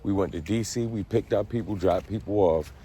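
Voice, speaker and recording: Low-voiced man telling a profane story. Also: brisk, dark tone, slight background noise. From Baltimore. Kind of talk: casual storytime.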